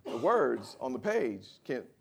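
Animated, gravelly-voiced male preacher. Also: mid-range voice, measured pace, a little hiss or hum. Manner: lively, conversational, plays out everyday dialogue. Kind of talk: sermon.

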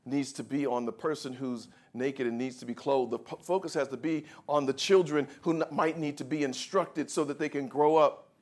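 A man pastor preaching a sermon, swinging between quiet, low passages and loud, high, shouted peaks. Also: steady tone, normal speed, hardly any pauses.

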